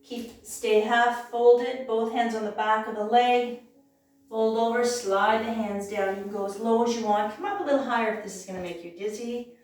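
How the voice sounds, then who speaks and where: A woman's voice: on the high side, normal speed, far from the mic. Yoga teacher woman, echoey room. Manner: calm, encouraging cues. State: clearing her throat, losing her voice. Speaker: yoga instructor. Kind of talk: guided yoga class instruction.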